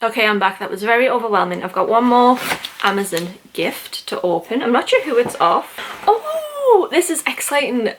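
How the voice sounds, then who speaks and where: Young woman, book vlogger, casual chat, excitable, filler-heavy. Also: mid-range voice, brisk, a little hiss or hum. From United Kingdom. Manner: gushing and excitable, lots of "like" fillers.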